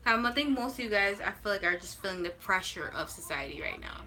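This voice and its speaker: Her mid-range voice is expressive, bright and forceful, though the recording quality is low. Reading tarot casually on a livestream, she is frank and comforting, curses openly, and stretches her important words emphatically.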